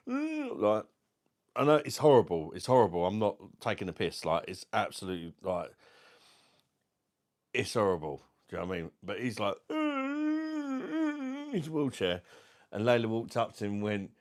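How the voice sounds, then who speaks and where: A man in his thirties telling rambling personal stories in casual chat, swearing freely and often checking in with his listener. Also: low voice. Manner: keeps saying "do you know what I mean". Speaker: beer review vlogger.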